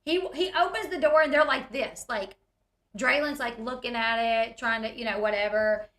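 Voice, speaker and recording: A woman's voice: on the high side, normal speed, pushed and bright, reverberant. A woman, retelling reality TV scenes in a chatty, giggly way and acting out the quotes. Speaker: recap host. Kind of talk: casual reality TV recap.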